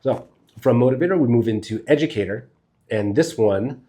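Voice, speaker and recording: A man's voice: medium pitch, animated, normal speed, dark tone. A man giving a casual spoken lesson to camera as a speaking coach, loose and conversational, swearing now and then and thinking aloud as he goes.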